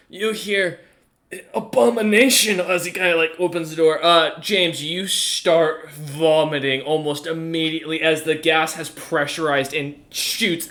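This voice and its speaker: A man's voice: on the high side, a bit bright. A man narrating as game master of a tabletop game, rambling and laughing, with many fillers.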